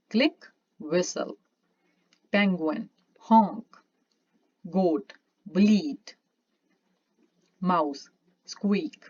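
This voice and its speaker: A woman reads an English vocabulary list one word at a time, with long pauses between words. Her voice sits low for a woman and is very unhurried. The recording sounds muffled and lo-fi. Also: a little mellow. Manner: slow, deliberate word-by-word naming. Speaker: English teacher.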